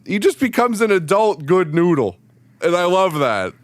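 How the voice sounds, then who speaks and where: A man's voice: high voice, big pitch swings, normal speed, no room sound. A man co-hosting a podcast in casual chat, talking enthusiastically and laughing often. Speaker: podcast co-host.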